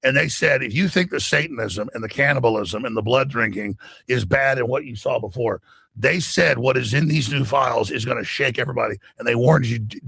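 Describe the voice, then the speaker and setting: A man with a gravelly, raspy voice delivering an emphatic, excited monologue as a talk show guest. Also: mid-range voice, dry recording. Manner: emphatic, acts out quoted voices.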